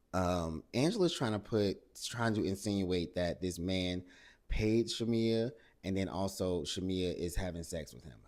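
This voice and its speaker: Low-voiced man dishing reality TV gossip. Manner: animated, exasperated, salty asides with acted-out quotes. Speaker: reality TV recap host. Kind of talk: casual gossip recap.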